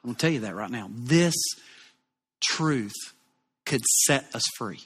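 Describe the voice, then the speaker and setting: Southern pastor in a reverberant hall. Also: male voice, mid-range voice, measured pace, breathy edge. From Alabama, US. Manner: folksy, animated, jokey. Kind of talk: sermon. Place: church auditorium. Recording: long reverb of a large church hall.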